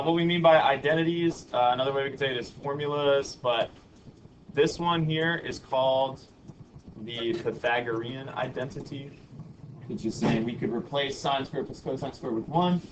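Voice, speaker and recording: A man's voice: medium pitch, poor audio. A man teaching a math lesson to a class, patiently explaining formulas and leading the students in rhythmic chants to memorize them. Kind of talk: classroom lecture. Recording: audible background noise.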